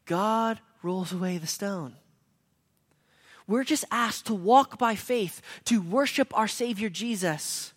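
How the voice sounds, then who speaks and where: Man, pastor, sermon, fairly high voice, storytelling, hushed to emphatic. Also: slow pace.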